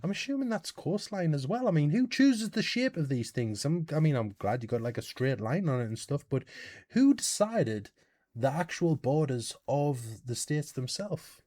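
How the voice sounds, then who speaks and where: A British man hosting a casual reaction video, animated and thinking out loud with questions and exclamations. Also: fairly high pitch, moderate pace, dry recording. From United Kingdom.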